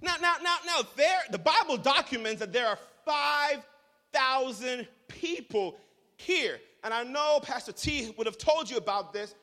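A man preaching a sermon as pastor, telling the story with humor and animated asides. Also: extremely high pitch, measured pace. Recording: large hall reverb.

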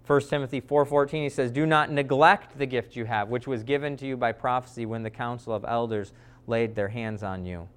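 Smooth-voiced male preacher, emphatic and repetitive. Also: mid-range voice, a little fast. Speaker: pastor. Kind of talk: sermon.

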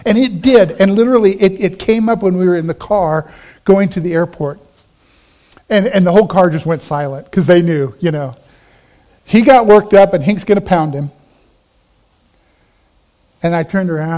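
A middle-aged man with a rather high voice delivers a sermon in an easy, conversational way. He tells a personal story and drops to a lower voice when he quotes his friends. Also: brisk, mellow. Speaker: pastor.

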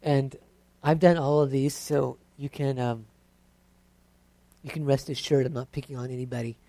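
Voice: medium pitch, fairly even intonation, moderate pace, warm tone, no echo. Preacher, sermon, casual and self-mocking, close dry recording. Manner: conversational, self-deprecating, mimics prayers.

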